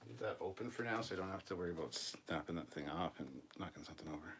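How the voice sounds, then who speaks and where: Male host with a low voice, loose and rambling, pokes fun at himself, livestream show-and-tell from a room at home, faint background noise. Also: quick pace. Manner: relaxed, rambling, self-deprecating. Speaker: channel host. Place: upstairs room at home filled with collectibles.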